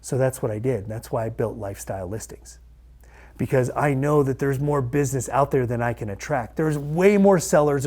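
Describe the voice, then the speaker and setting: A middle-aged man recounts his own story straight to the camera, earnest and conversational. He is a lender turned coach, and he leans on repeated phrases for emphasis. His voice sits at an ordinary pitch for a man. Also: darkish tone. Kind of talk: personal story told to camera.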